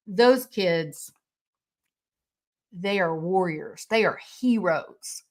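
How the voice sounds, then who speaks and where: A woman's voice: lowish voice, animated, very slow, long pauses. A woman commenting on a crime case, angry and indignant, with sarcastic rhetorical questions. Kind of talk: impassioned commentary.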